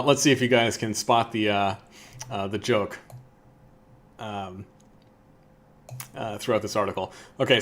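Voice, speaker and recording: A man in his thirties talks through a casual lunch livestream, mid-pitched and easygoing. He reads satire aloud, stumbling over words with plenty of ums and uhs and laughing at the jokes. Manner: chatty, many fillers, laughs at what he reads. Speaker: livestream host.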